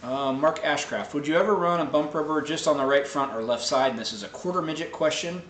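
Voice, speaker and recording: A man hosting a live question-and-answer show, explaining technical answers in a relaxed way with many fillers. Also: fairly high pitch, a little fast, roomy sound, a little hiss or hum. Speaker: host answering viewer tech questions. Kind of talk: casual live Q&A.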